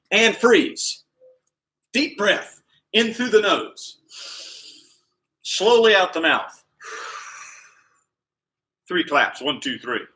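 A man leading a live kids' exercise class, calling out moves in an energetic, upbeat, nonstop patter while exercising along. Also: a little high. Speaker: kids' PE coach. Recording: echoey room sound.

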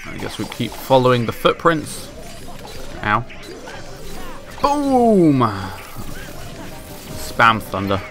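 A man from England gives rambling, joking commentary over his gameplay. His voice is fairly low but bright and forceful, with game music faint behind him. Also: expressive, measured pace, gravelly. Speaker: let's play commentator.

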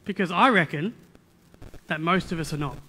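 A man preaching a sermon as pastor, energetic, with playful asides and repeated rhetorical questions. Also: fairly high pitch, normal speed, slight background noise. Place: church hall. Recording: reverberant church hall.

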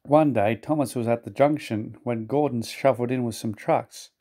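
A man narrates a children's storybook in a measured, gentle way. His voice is mellow and dark, pitched in the middle of the range. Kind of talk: storybook reading aloud.

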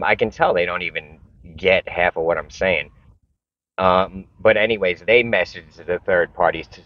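A man's voice: low voice, dull audio. A man vlogging in a casual, frustrated rant, swearing and rambling with many restarts. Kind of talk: casual ranting monologue.

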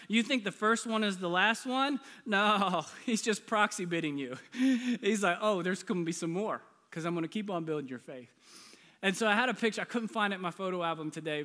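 A man's voice: high voice, pushed and bright. A middle-aged man preaching a storytelling sermon, humorous and self-deprecating, often laughing at himself. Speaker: pastor. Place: large church sanctuary. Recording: reverberant church hall.

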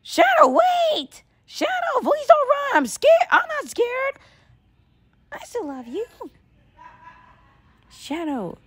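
A woman voicing a gentle, loving young girl in a fan audio drama, speaking softly and often in a whisper. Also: very high-pitched, wildly swooping pitch, slow, long pauses, slight background noise, pitched above the performer's own voice, heavily acted. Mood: pleading. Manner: soft, often whispered, pleading.

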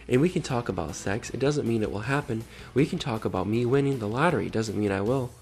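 A sarcastic, exasperated man reads chat messages aloud in casual vlog commentary. His voice sits at an ordinary middle pitch. Faint music plays underneath. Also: expressive, fairly quick, vocal fry, darkish tone. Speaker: channel host exposing online predators.

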